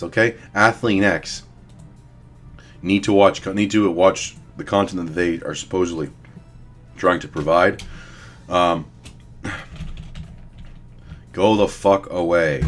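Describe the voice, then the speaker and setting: A young man giving blunt, profane, rambling casual commentary as he ranks fitness figures. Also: low-pitched. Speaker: fitness vlogger. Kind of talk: casual commentary ranking influencers.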